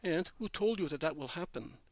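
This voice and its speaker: Calm, stern Jesus, read by a man, measured delivery, slightly high voice, dry recording. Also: no echo, natural voice. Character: Jesus, calm, stern adult male teacher.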